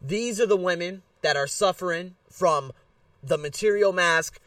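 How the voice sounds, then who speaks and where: A man hosting his own solo podcast, ranting in a blunt, animated way. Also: high-pitched, a little slow, no room sound, distant mic. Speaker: podcast host. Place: Bangkok.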